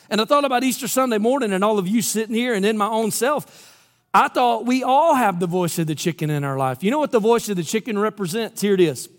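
A man from Georgia, preaching a sermon in a storytelling way and acting out the quoted lines. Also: high-pitched. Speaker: pastor. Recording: long hall reverb.

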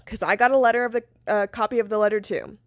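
A woman's voice: fairly high pitch, fairly even intonation, fast, no room sound. Woman podcaster telling her story, swears a lot, laughs, dead dry sound. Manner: candid and profane, laughs often. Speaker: podcast host. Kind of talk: casual storytelling monologue.

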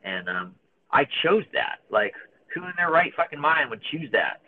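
A man's voice: on the high side, very animated, moderate pace. A man in his thirties talking openly and emotionally as a guest, searching for words with many fillers and restarts. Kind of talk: candid conversation. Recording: phone-like narrow band.

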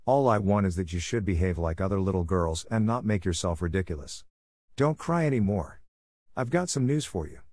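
A man voicing a stern, practical older woman who brisk-ly scolds her adopted girl, in a storybook reading. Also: sits low, expressive, darkish tone, no room sound, studio quality. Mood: scolding.

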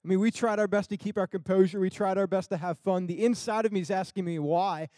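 High, lively young man telling a story. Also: quick pace, no room sound, clean studio sound. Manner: animated storyteller, laughing often, acting out quoted voices. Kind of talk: storytelling sermon to an audience.

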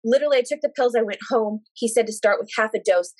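A woman in her thirties telling a personal story in casual conversation, animated and emotional, acting out quoted dialogue and speaking in religious, thankful terms. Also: fairly high pitch, quick pace. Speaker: guest sharing a personal story.

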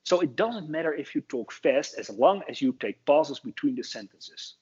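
Guy, husky voice, bouncy intonation, giving speaking tips, kinda muffled audio. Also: on the high side. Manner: animated, demonstrates fast talk with pauses. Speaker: public speaking coach. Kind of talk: interview answers, explanatory. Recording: dull lo-fi audio.

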